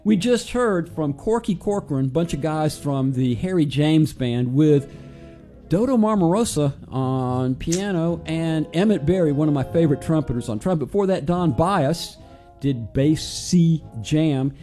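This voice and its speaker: Laid-back radio host, mellow voice. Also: male voice, fairly high pitch, expressive, unhurried, soft background music. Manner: laid-back, rambling, playful. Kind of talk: casual radio banter. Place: radio studio.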